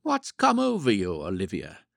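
A man reading the part of a pompous middle-aged gentleman who talks gruffly and blusters, in a low, gravelly voice. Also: wildly swooping pitch, moderate pace, dry recording, studio quality, exaggerated voice.

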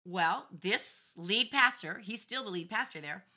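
Brief: middle-aged woman guest, very bright, forceful voice, animated and indignant storytelling. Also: medium pitch, unhurried. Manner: animated, indignant retelling with lively acted-out quotes. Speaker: podcast guest. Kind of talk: casual storytelling conversation.

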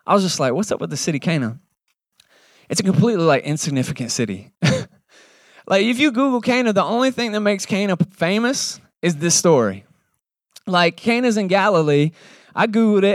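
A man preaching a casual sermon, acting out the Bible characters in quick shifting voices. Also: fairly high pitch, no echo, studio quality. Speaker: pastor. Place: church service in a cinema.

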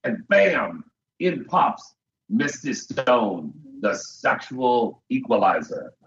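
A man's voice: mid-range voice, very animated, a bit bright, echoey room, lo-fi sound. A man hosting a radio show who chats casually and crudely, jokes around and laughs often. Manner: crude, joking, quick to laugh. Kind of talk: casual bawdy radio chat.

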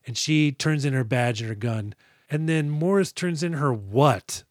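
A male podcast co-host with a medium-pitched voice speaks at a moderate pace on a dry, studio-quality recording. In a casual chat on a movie podcast, he recaps scenes with sarcastic, profane jokes.

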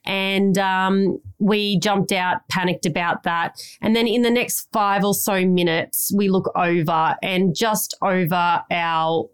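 A woman's voice: mid-range voice, steady tone, slow pace, few pauses, clear, resonant tone. An Australian woman podcast host, rambling through a long story in casual chat and swearing now and then.

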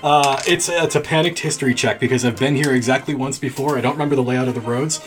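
A man's voice: mid-range voice, fast. A man playing a tabletop game, explaining his move in a rambling, self-deprecating way. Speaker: player. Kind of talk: casual tabletop play.

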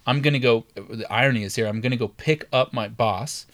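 A man's voice: mid-range voice, a little fast. A man casually telling a long story in conversation, acting out quotes and swearing freely. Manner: animated, acts out shouted quotes, swears freely.

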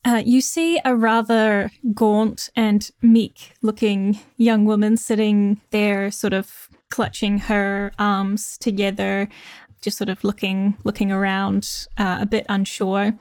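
A woman's voice: medium pitch, little pitch movement, slow pace, darkish tone, no room sound. A woman describing her character in a tabletop game, somewhat hesitantly. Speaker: player.

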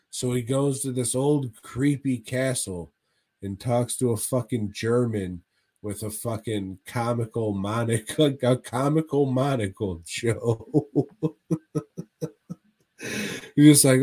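A man's voice: mid-range voice, takes it slowly, mellow. A man co-hosting a casual podcast, rambling with heavy swearing and frequent laughs. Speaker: podcast co-host.

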